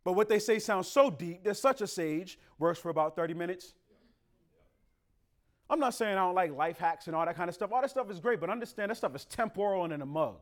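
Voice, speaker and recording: Male pastor preaching, a bit high-pitched, laid-back slang that jumps to loud emphatic peaks. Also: a little fast. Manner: animated, conversational street slang. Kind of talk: sermon.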